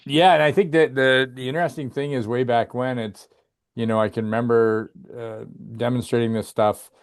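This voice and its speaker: A man's voice: medium pitch, steady tone, normal speed, clear, resonant tone. A man hosting a casual interview, easygoing, with frequent affirmations. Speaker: host.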